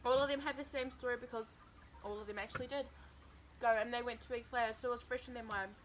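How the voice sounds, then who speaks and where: A young woman spins a rambling story while eating on camera, her voice sitting high. She talks in a casual, playful way. A faint room hum runs under her voice. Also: steady tone, quick pace. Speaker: vlogger. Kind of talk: mukbang story time.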